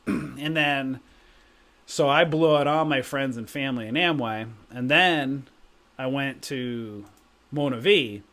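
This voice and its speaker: A man's voice: medium pitch, takes it slowly, pauses often, bright, forceful tone. A middle-aged man hosting a live stream, telling rambling anecdotes in casual chat and often asking "right?". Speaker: stock trading stream host.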